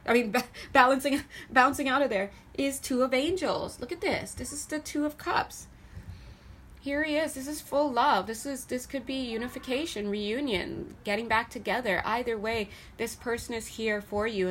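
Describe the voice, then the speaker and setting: Woman tarot reader, chatty and animated, fairly high voice, faint room ambience behind her. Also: slight background noise. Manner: chatty, animated, laughs often, swears then apologizes. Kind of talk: casual spiritual tarot reading to camera.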